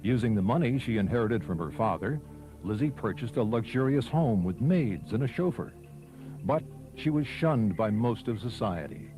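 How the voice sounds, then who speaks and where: A man giving measured, scripted documentary narration. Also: mid-range voice, lively intonation, low-quality recording. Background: soft music bed.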